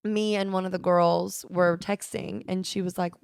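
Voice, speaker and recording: A woman's voice: fairly low pitch, little pitch movement, moderate pace, creaky, smooth, dry recording, studio quality. Chatty Southern woman co-host. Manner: chatty, laughs often, lots of fillers. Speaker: podcast co-host. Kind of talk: casual chat. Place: home. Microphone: phone.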